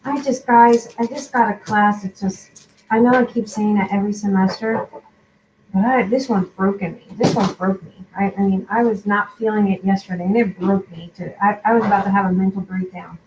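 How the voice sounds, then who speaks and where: A woman whose first language is Spanish, chatting excitedly with viewers while she hosts a crafting livestream. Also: medium pitch, normal speed. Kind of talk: casual live-stream chat. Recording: echoey room, faint background noise.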